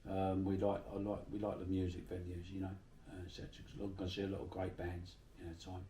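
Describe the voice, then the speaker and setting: A man's voice: low-pitched, monotone, fast, mellow, echoey room, distant mic, a little hiss or hum. A middle-aged man from Bermondsey with a South London accent, telling salty stories in a casual interview. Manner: chatty, salty, swears freely while telling anecdotes.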